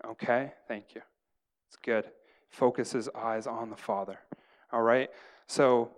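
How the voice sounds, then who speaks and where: A middle-aged man preaches in a casual, storytelling way, acting out little scenes of himself praying. His voice is smooth and resonant at an ordinary pitch. He keeps checking in with listeners, asking "right?". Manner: animated storyteller, acts out his own prayers, tags lines with "right?". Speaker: pastor. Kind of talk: casual sermon with acted-out stories.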